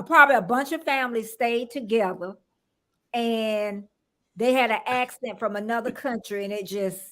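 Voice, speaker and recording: An older woman from Florida hosts a casual livestream in a high, bright voice. She chats easily, laughs a lot and calls out viewers by name. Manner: chatty, laughs often, greets viewers by name. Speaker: livestream host.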